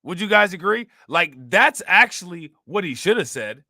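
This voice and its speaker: A man's voice: high voice, sing-song, normal speed, bright, forceful tone, no echo, studio quality. A man giving casual, slangy reaction commentary on news clips, mocking and talking straight to his viewers.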